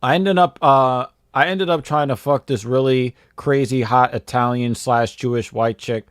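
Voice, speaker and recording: A man's voice: mid-range voice, steady tone, normal speed, clean tone, no room sound, studio quality. A man co-hosting a casual podcast, telling a brash, boastful story and often laughing. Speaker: podcast co-host.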